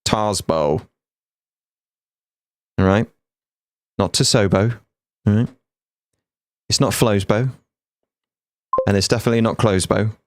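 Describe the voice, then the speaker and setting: Forties male streamer, lowish voice, blunt, sweary, easygoing chat with viewers. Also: creaky. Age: 40s. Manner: blunt, chatty, swears freely, talks to chat. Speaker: game streamer. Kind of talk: casual live-stream chat.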